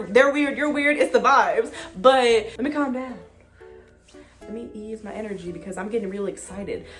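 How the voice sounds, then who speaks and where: A young woman vlogging to camera in a casual, excitable way, full of slang, swearing and "like". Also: a little high. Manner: excitable, slangy and profane, with frequent "like" fillers. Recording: faint music behind.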